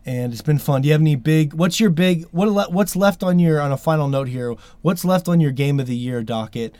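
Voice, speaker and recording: A man's voice: a little high, a little fast, a little mellow, dry recording. A man hosting a podcast in casual chat, talking emphatically and grumbling with frustration. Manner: emphatic, exasperated, sweary. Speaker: podcast host.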